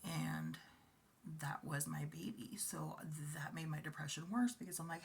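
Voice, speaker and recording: A woman in her forties talks through a personal confessional vlog, her voice low and gravelly with a husky edge. She speaks softly and haltingly, often dropping toward a whisper. She sounds emotional and close to tears. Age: 40s. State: emotional, tearful at times. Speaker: vlogger.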